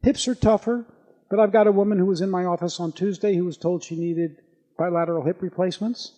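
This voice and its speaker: A man with a notably high-pitched voice, a doctor speaking live to an audience. He talks in a lively, anecdotal way, building his patient stories with energy and asking the room questions. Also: quick pace, long reverb tail. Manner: animated anecdotal storytelling. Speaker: doctor giving a talk.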